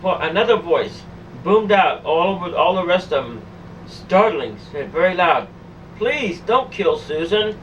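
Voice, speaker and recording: A woman telling a harrowing personal story in the first person, in a halting way that keeps repeating and restarting phrases. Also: fairly low pitch, lively intonation. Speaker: storyteller recounting a personal ordeal. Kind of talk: emotional first-person testimony. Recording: dull distant recording with faint hum.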